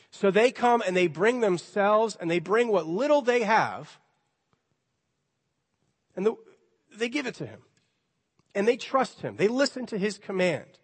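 A man with a high voice preaches in a church sanctuary. His delivery is conversational and lightly playful, and he slips into the dialogue of the people in his story. The hall gives his voice a long reverb. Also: animated, moderate pace, pauses often. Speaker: pastor. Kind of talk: sermon.

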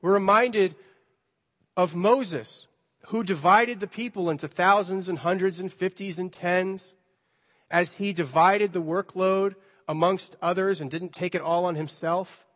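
High-voiced male pastor in echoing hall. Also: fairly even intonation, measured pace, a bit bright. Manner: conversational, playfully acts out dialogue. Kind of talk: sermon.

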